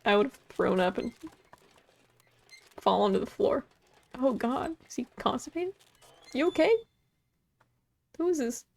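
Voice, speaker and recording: Woman game streamer, higher voice, unhurried, chatty running commentary with free swearing, game music underneath. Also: big pitch swings, creaky, a little mellow. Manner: chatty, thinks aloud, swears freely. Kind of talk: live gameplay commentary.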